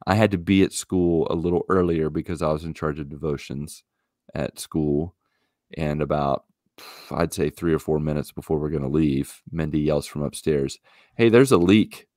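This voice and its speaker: A man with a very deep, low voice tells a story in an animated, exasperated way. It is a casual podcast chat on a podcast mic. The sound is dry and close. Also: normal speed, no room sound. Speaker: podcast co-host.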